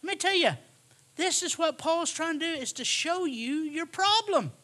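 High, bright-voiced male preacher. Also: animated, normal speed. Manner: emphatic, repeats lines, swings from hushed to shouting. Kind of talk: sermon.

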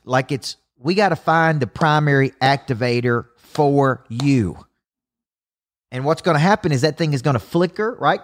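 A middle-aged man, a business coach, giving an energetic motivational talk on a livestream, with punchy repeated phrases. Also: mid-range voice. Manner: energetic, emphatic, repetitive phrasing.

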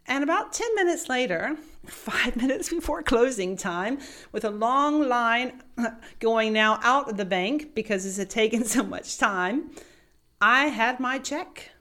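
American woman telling a story onstage, kinda high voice, lively, laughs along. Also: unhurried. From United States. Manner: animated, vivid, laughs through the story. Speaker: motivational speaker. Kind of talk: storytelling talk.

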